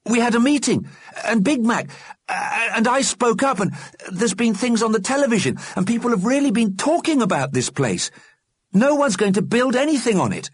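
A man's voice: extremely high pitch, big pitch swings, normal speed, slightly rough, dry recording, studio quality, pitched above the performer's own voice, full character voice. A man voicing an earnest, anxious young boy who stammers when worked up.

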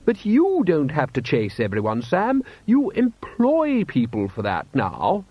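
A man doing a high, fussing aristocratic wife. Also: huge pitch swings, unhurried, husky, no room sound, full character voice. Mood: fondly scolding. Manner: coaxing, gently scolding. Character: fussy, proud aristocratic wife. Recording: dull, slightly lo-fi.

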